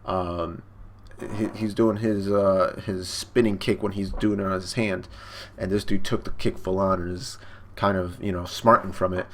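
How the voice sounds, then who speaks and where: A man's voice: low voice, fairly even intonation, moderate pace, fairly bright tone, slight background noise. A man giving casual live reaction commentary, rambling with many fillers. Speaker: reaction streamer.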